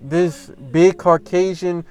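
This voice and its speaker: A young man rants casually and profanely about his job, animated, restarting often and acting out the lines of people he quotes. His voice sits high, with a clean tone and slow delivery.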